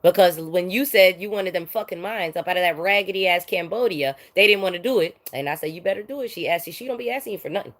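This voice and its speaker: A woman giving a heated, profane monologue rant, swinging between loud outbursts and low muttering. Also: quick pace, few pauses. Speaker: vlogger.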